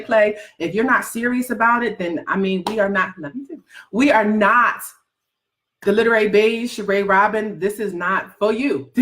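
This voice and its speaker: A woman's voice: mid-range voice, a bit bright. Emphatic woman preaching hustle. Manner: emphatic, preachy, repeating rhetorical questions; slangy, casual. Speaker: book coach and entrepreneur. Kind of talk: motivational vlog talk.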